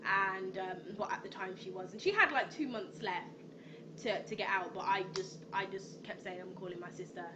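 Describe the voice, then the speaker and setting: A woman's voice: medium pitch, normal speed, background noise. A young woman rambling through a storytime vlog, with lots of ums and restarts. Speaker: vlogger.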